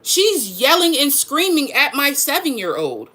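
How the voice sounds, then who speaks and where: Frustrated woman with a bright voice. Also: high voice, very animated, a little slow. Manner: frustrated, emphatic, repeats herself. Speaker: mother, vlogger. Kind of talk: venting to camera.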